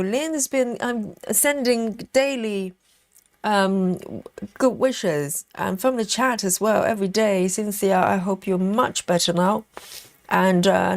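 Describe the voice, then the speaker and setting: Gravelly-voiced woman chatting on a live stream. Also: medium pitch, dry recording. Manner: chatty, reads out viewer comments, laughs often. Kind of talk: casual live-stream chat.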